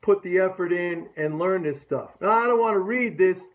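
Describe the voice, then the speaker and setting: A middle-aged man with a notably high-pitched voice delivers a loose, sarcastic rant about the market. He mocks his audience, hammers his points home by repeating them, and talks like a seasoned trader. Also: moderate pace. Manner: sarcastic and mocking; emphatic, repeats phrases. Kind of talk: casual market commentary rant.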